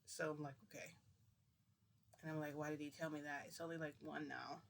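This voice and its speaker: Gravelly man rambling through a story. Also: fairly high pitch, little pitch movement, brisk, fairly bright tone. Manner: rambling, retells dialogue with "I'm like". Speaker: vlogger. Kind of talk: casual storytelling.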